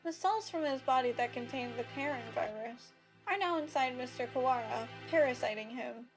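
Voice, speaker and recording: Detached male doctor, flat and clinical, read by a woman, game music behind. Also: high-pitched, normal speed. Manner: detached, matter-of-fact.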